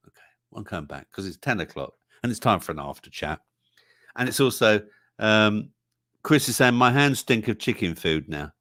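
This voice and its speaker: A man's voice: mid-range voice, a bit bright, no echo, studio quality. A man hosting a livestream song quiz in a jokey, casual way, reading out the chat's answers. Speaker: livestream show host.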